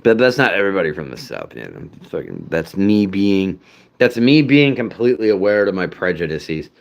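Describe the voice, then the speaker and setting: A man's voice: deep voice, sing-song, normal speed, vocal fry, highs cut off. Rambling profane man chatting casually. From United States. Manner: rambling, profane, self-deprecating, many fillers. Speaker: streamer chatting with viewers.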